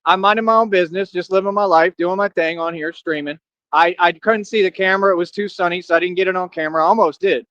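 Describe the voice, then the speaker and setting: A man's voice: high voice, quick pace, a bit bright, no room sound, dull audio. A man live-streaming while walking outdoors, rambling and laughing constantly, repeating himself.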